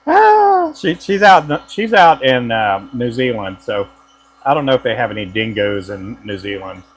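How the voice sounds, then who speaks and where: A man's voice: fairly low pitch, expressive, measured pace, fairly bright tone, poor audio. A man who makes fishing lures chatting casually for his vlog, easygoing and rambling with frequent chuckles. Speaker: lure maker.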